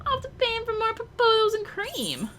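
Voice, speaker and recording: A woman's voice: very high-pitched, huge pitch swings, brisk, sharp tone, pitched above the performer's own voice, heavily acted. A woman voicing a grumbling drunk male sailor in a slurred drunk accent.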